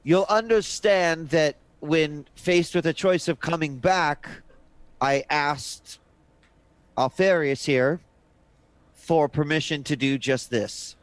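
Slow, deliberate male player. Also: a little high, dry recording. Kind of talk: tabletop role-play.

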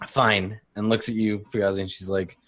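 Low-voiced man, a halting game master. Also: little pitch movement, fairly bright tone. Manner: halting narration full of ums and uhs. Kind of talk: narrating a tabletop game.

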